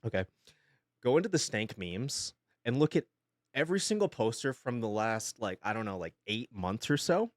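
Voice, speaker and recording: A man's voice: mid-range voice, lively intonation, normal speed, no room sound, clean studio sound. A young man chatting casually on a live stream from his home setup, rambling, swearing freely and laughing often.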